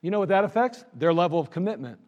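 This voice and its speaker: A man with a high voice preaches a sermon to his congregation in a conversational way. He reads old scripture verses aloud and slips into little acted-out scenes. The sound carries a long church reverb. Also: lively intonation, fast, darkish tone, lo-fi sound. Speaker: pastor. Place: church sanctuary.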